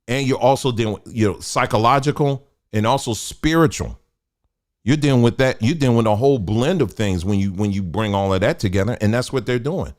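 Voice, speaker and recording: A middle-aged man, hosting a casual livestream and talking in an animated, preachy, colloquial way. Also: mid-range voice. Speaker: host.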